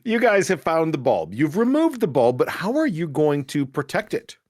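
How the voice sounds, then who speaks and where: A man's voice: fairly high pitch, wildly swooping pitch, normal speed, darkish tone, dry recording, studio quality. A man narrating a tabletop game as game master, loose and joking after a few drinks.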